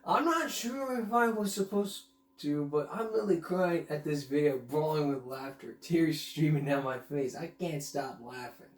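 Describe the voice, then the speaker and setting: A man's voice: fairly high pitch, lively intonation, normal speed. Giggly male host, casual commentary, roomy sound. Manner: giggly, laughs constantly. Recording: roomy echo.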